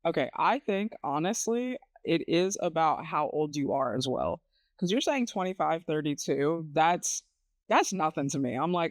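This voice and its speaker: A man co-hosting a podcast conversation, with a somewhat high pitch for a man. He tells personal stories candidly and scatters fillers through his speech. His voice sounds dry, with no room echo. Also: sing-song, moderate pace. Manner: candid storytelling with frequent fillers. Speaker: podcast co-host. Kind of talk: casual chat.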